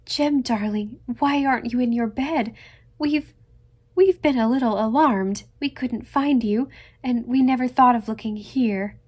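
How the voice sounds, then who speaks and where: Give me a gentle, loving young mother, read by a woman in a storybook. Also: fairly high pitch, unhurried, breathy edge. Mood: tender.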